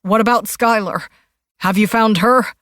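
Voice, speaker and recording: In a dry, close audiobook reading, a woman voices a frantic middle-aged husband. He talks loud and high, desperate and defensive, and his voice strains as he pleads. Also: steady tone, unhurried, no echo, lightly acted.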